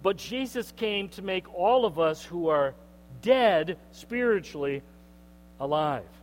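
Man preaching, higher voice, slow deliberate delivery, long hall reverb, mains hum. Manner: animated, acts out quoted voices. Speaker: pastor. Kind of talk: sermon.

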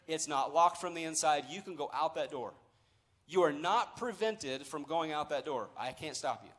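A man preaches a sermon from the pulpit of a church, his voice sitting high for a man. He presses hard on key words and stretches out the phrases he wants to land. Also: lively intonation, fairly bright tone. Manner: emphatic preaching with slow stressed phrases. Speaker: pastor. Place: church sanctuary.

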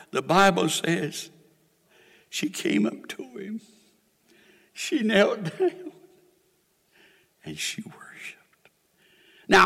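A man preaching a sermon in a dramatic way, dropping to quiet asides and rising to shouted exhortations, recorded with a long hall reverb in a church. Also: sits high, creaky.

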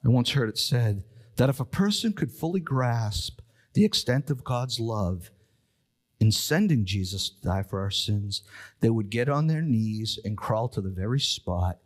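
A male pastor preaching a sermon, reading scripture low and solemn, then building to urgent, rising appeals. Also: lively intonation, a little slow. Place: church sanctuary.

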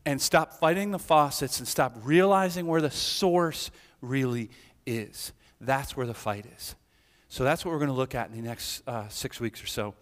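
A man preaching a sermon as pastor, telling animated stories and then praying earnestly. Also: medium pitch. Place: church sanctuary. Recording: long church reverb.

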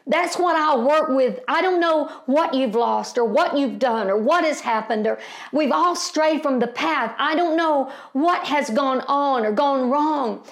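Gravelly-voiced older woman preaching. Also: measured pace. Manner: impassioned, rising to emphatic peaks then dropping low; homespun and folksy, addresses listeners as beloved and family. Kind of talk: sermon.

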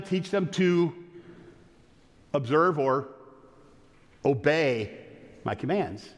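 A man's voice: on the high side, lively intonation, extremely slow, long pauses. A middle-aged man preaching a sermon as pastor, telling a story and acting out its voices. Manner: storytelling, acts out quoted lines. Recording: long hall reverb.

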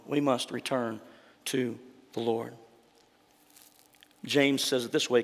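A man's voice: mid-range voice, fairly even intonation, takes it slowly, creaky, long pauses. A male pastor delivering a sermon in an emphatic, conversational way, often tossing rhetorical questions to the congregation. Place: church sanctuary. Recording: reverberant church hall.

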